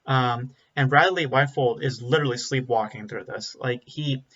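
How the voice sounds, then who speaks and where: A man's voice: mid-range voice, normal speed, a bit bright. Blunt rambling man reviewing a film. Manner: blunt, rambling, frequent ums and restarts. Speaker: movie reviewer. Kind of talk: casual spoken film review. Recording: slightly dull lo-fi audio.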